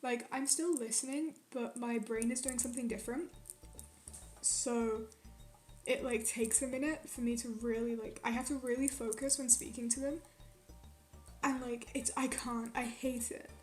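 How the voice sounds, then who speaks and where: A woman's voice: on the high side, steady tone, moderate pace, a little mellow, faint music behind. A young woman streaming to her chat, rambling and swearing a lot as she rants. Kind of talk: casual chat with live chat. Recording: roomy echo.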